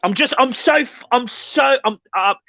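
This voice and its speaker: A man's voice: very high-pitched, moderate pace, creaky, pushed and bright, no room sound. A man co-hosting a fan channel, agitated and swearing, stumbling over words in a football reaction chat. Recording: dry, dull lo-fi sound.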